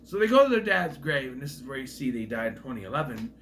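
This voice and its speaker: A man talks through a film's plot in a casual, rambling way, stopping and restarting as he goes. His voice rises and falls a lot, and his tone is bright and forceful. There is a faint hum of noise behind him. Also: mid-range voice, very animated, fast talker. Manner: voices characters with loud exaggerated quotes. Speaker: film reviewer. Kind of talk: casual movie plot recap.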